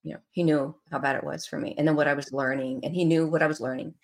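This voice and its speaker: A woman's voice: low-pitched, steady tone, fast. A middle-aged woman telling an emotional personal story as a guest in an interview.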